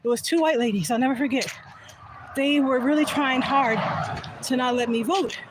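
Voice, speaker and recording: A woman's voice: sits high, normal speed, background noise. A woman telling a personal story in a vlog, candid and laughing often, recorded on a phone in a car. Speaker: vlogger.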